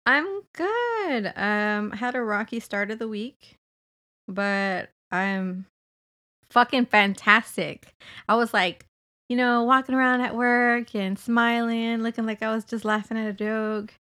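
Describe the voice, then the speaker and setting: Giggly, unhurried woman podcast host. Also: a little high, smooth. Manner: giggly, animated storytelling with swearing. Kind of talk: casual chat.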